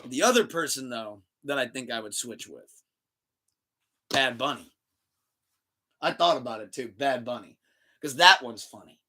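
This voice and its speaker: A man hosting a casual podcast, telling stories in an animated way, laughing often and swearing freely. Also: mid-range voice, moderate pace, long pauses. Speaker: podcast host.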